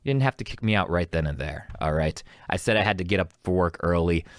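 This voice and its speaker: A man's voice: low-pitched, quick pace, no room sound, clean studio sound. A young man hosting an advice podcast, telling a rambling, self-mocking story and acting out both sides of an argument. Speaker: podcast host. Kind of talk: casual storytelling monologue.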